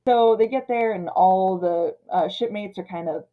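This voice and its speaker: A woman in her thirties casually ranting about an old film, retelling scenes and slipping into quick character voices. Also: mid-range voice, phone-quality sound. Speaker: film commentator. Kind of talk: casual movie rant.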